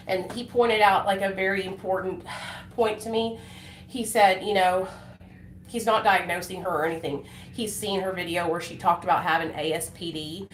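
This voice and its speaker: On a casual live stream, a woman whose voice is on the low side talks at a moderate pace with fairly even intonation. She rambles emotionally, restarting often and using lots of fillers, and the room is echoey with a little noise.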